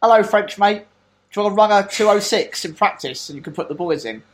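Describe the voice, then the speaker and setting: A man playing a cheerful caller phoning a French carmaker, chummy and quick. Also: sits high, animated, voice pushed up. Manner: chummy, quick offhand delivery.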